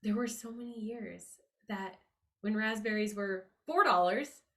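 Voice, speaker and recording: An upbeat woman talks straight to her listeners in a motivational podcast monologue, at an ordinary, middle-of-the-road pitch for a woman. She is earnest and confiding, and her voice jumps up with emphasis whenever she drives a point home. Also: measured pace, sharp tone. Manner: upbeat and emphatic, rising pitch on key words. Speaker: podcast host. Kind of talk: motivational money-mindset monologue.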